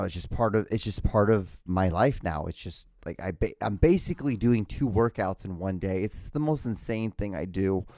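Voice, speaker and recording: A man's voice: low-pitched, a little mellow, dry recording, clean studio sound. A young man hosting a solo podcast, rambling casually with lots of swearing, restarts and self-mocking asides. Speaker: podcast host.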